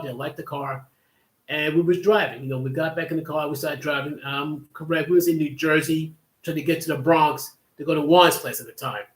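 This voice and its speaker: A man hosting a livestream, telling a long casual story that rambles with many restarts and asides. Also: on the high side. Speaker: livestream host. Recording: echoey room.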